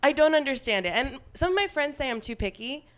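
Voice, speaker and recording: Chatty young comedian woman, slightly high voice. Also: animated, fast. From Long Island. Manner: chatty, self-deprecating, laughs at her own jokes. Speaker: stand-up comedian. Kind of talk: stand-up comedy set. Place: comedy club stage.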